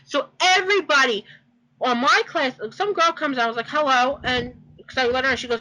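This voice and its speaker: Casting: young woman, high bright voice, loose rambling storyteller, swears. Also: expressive, a little fast, rough recording. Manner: rambling, repeats herself, swears. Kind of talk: casual personal story.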